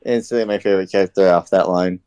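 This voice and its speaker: A man with a fairly low voice, talking laid-back and blunt in a casual film review chat. He swears now and then. The recording is dry and close. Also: steady tone, quick pace, dark tone, clean tone, no echo. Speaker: podcast co-host.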